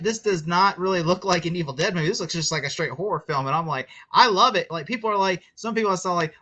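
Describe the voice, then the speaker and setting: A young man chatting casually as a guest movie reviewer, animated and full of fillers, mocking what he quotes. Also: sits high, fast talker, hardly any pauses. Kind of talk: casual podcast chat.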